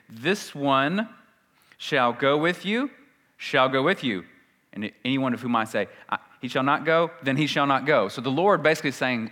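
A man preaching a sermon, emphatic, swinging between loud declarations and hushed asides, reading scripture with dramatic weight. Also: medium pitch.

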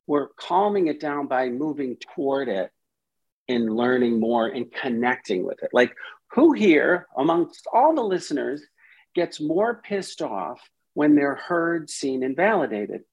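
A man's voice: mid-range voice, darkish tone, breathy edge, low-quality recording. A man, a psychiatrist guest on a podcast, explaining with animation and acting out inner voices as quotes.

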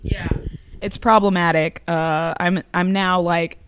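A young woman guest at a comic convention, chatting in a rambling way with many fillers and laughs, her voice a little hoarse. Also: fairly low pitch, fairly even intonation, slow pace. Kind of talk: casual interview chat.

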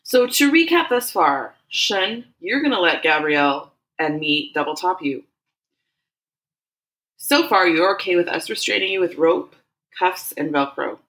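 A woman voicing a direct young man who methodically questions the others, in a slightly low voice. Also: lively intonation, a little slow, a bit bright, poor audio. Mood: measured.

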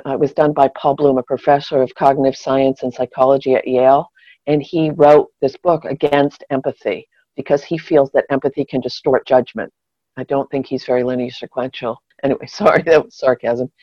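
A woman's voice: sits low, fairly even intonation, normal speed, dry recording, lo-fi sound. A woman co-hosting a casual chat, thinking aloud in a reflective, wry, digressive way. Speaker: podcast co-host.

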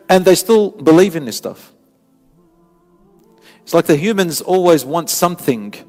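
A man delivering an earnest, emphatic Islamic sermon, repeating phrases for stress. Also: a little high. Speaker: Islamic preacher. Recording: long hall reverb, faint music.

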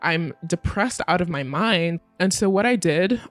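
A woman's voice: on the low side, expressive, a little slow, no room sound, faint music behind. A young woman frankly telling her own story in casual, candid speech, full of fillers and swearing.

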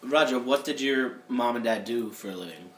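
A man's voice: mid-range voice, moderate pace, a bit bright, far from the mic. A man co-hosting a casual podcast, asking follow-up questions loosely with fillers. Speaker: podcast co-host. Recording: echoey room, away from mic, faint background noise.

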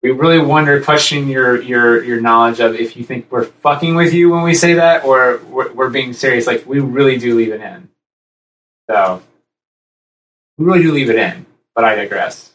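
Male podcast co-host, chatty and rambling, slightly off-mic, middle pitch. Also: normal speed, echoey room, recorded from a distance, low-quality recording. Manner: rambling, animated, jumps into high-pitched impressions. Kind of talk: casual chat.

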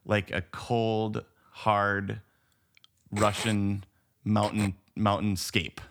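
Low-voiced guy cohosting a movie podcast, super enthusiastic, rambles a lot. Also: little pitch movement, extremely slow, fairly bright tone. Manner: enthusiastic, rambling, lots of "like" and restarts. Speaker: podcast co-host. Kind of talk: casual movie podcast chat.

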